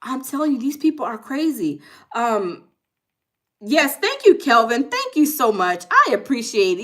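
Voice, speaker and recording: Casual woman streamer, high-pitched, emphatic, reads chat comments aloud. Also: sing-song, unhurried, fairly bright tone. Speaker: livestream host.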